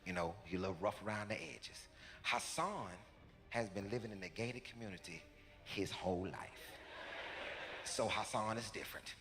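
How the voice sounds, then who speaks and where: Animated male stand-up storyteller. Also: on the low side, moderate pace, music in the background. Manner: animated, with repetition for effect. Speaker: stand-up comedian. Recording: live hall with background noise.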